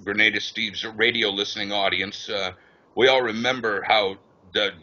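Bright, chatty man on a radio call. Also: on the low side, fairly even intonation. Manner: chatty, halting with many fillers. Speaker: guest. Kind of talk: radio interview talk. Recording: dull lo-fi call audio.

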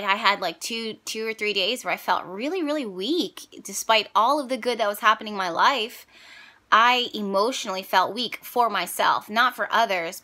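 Bright-voiced woman telling a personal story. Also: medium pitch. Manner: expressive, emotional, chatty. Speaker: spiritual vlogger and reader. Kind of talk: casual storytelling to viewers.

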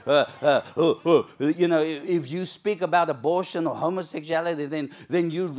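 In a church sanctuary, a middle-aged pastor preaches a sermon, telling the story with animation and acting out the characters' lines. His voice is a little high and a little mellow, moving at a moderate pace with few pauses.

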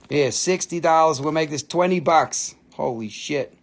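Speaking at normal speed with a fairly high pitch, the host of a live rock and mineral sale chats casually. The Appalachian Valley, US native jokes, swears, laughs a lot and slips into funny accents.

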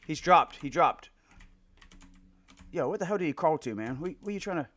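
Brisk and expressive, with a voice on the high side and a bit bright, a man streams a shooter game. Between laughs he swears, trash-talks and jokes with his squad.

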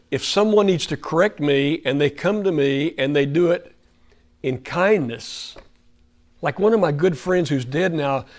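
A man's voice: on the high side, darkish tone. A man with an Oklahoma accent preaching a folksy, conversational sermon in a church fellowship hall, putting questions to the room.

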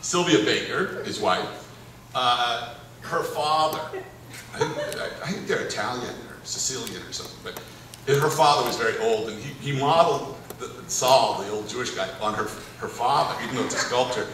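A film director at a live Q&A spins rambling, animated anecdotes on stage, chuckling as he goes, in a mid-range voice at a moderate pace. The recording was made from far back in the audience in an echoey hall, so there's slight background noise, crowd murmur, laughter, and room ambience.

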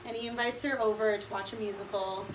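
A woman's voice: medium pitch, steady tone, fast talker. A woman hosting a casual podcast chat, recapping a plot in a dry, wry way. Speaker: podcast host. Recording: echoey room with background noise.

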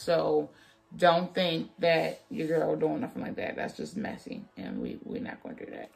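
A woman's voice: fairly low pitch, gravelly, a bit bright. A woman beauty vlogger chatting through a wig tutorial, sassy and playful, joking with her viewers as she works.

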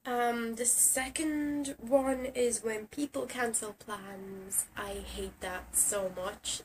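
A woman's voice: a little high, steady tone, slow. A young woman who is sick, ranting sarcastically in a casual vlog and swearing often. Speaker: vlogger. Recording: distant camera mic with faint hiss.

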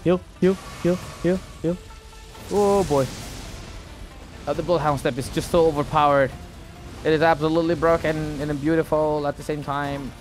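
A man's voice: fairly high pitch, fairly even intonation, normal speed. Rambling man commenting on gameplay. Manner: rambling, repeats words, frequent exclamations. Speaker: gaming YouTuber. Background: background music.

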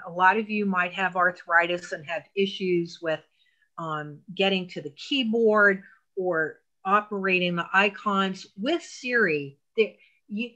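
A woman's voice: mid-range voice, pushed and bright. A woman teaching an online technology class, walking learners patiently step by step through phone settings with emphatic asides.

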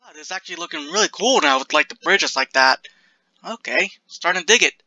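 A young man giving casual, chatty commentary while playing a building game, jumpy and self-mocking and quick to laugh. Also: high-pitched, expressive, music in the background. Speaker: gaming video creator.

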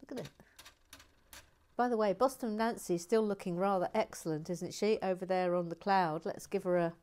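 A woman hosting a model-building stream on a lapel mic, chatting in a rambling, self-mocking way and dropping into soft whispered asides. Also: mid-range voice, steady tone, moderate pace. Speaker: host building a toy model. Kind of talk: casual chat while building. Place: indoors at a table.

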